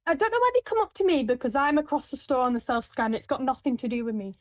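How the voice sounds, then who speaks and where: Woman, high voice, chatty and rambling, lots of fillers, dull lo-fi sound. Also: very animated, quick pace, no room sound. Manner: rambling, with frequent fillers and restarts. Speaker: supermarket till worker. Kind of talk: casual anecdotal chat. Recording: dull, lo-fi, dry.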